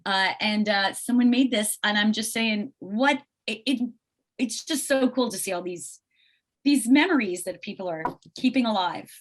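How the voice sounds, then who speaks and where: A middle-aged woman from Long Island, a guest actress talking casually in an interview over a video call, lively and chatty with frequent restarts. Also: medium pitch, normal speed. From Long Island, New York.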